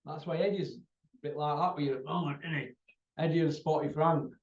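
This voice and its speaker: A man's voice: on the high side, steady tone, fairly quick, a little mellow. Blunt mocking man, roomy and distant. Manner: blunt, mocking banter, addressing people by name. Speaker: boxing vlogger. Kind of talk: off-the-cuff rant to camera. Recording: roomy, distant, dull sound.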